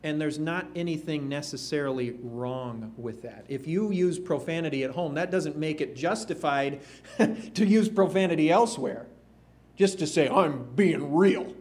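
A man preaching a sermon, slow and emphatic, with rising questions to the congregation. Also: fairly high pitch, darkish tone.

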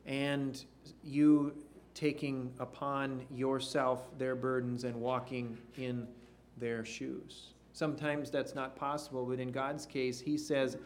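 A man preaching a sermon in an earnest way, sinking to a hush on key phrases. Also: mid-range voice, level tone, slow, a little hiss or hum. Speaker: pastor.

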